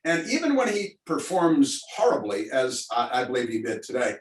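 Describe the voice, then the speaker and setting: A man's voice: mid-range voice, sing-song, moderate pace. A man hosting a political talk event over a video call, rambling and sarcastic with lots of fillers. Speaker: radio talk host. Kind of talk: opinionated political commentary to listeners. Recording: roomy, distant mic.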